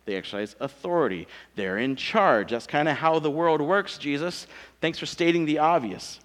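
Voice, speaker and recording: A man's voice: fairly high pitch, normal speed, fairly bright tone, big-room sound, natural voice. A man voicing a group of ambitious young male disciples, blunt and sarcastic in an offhand way.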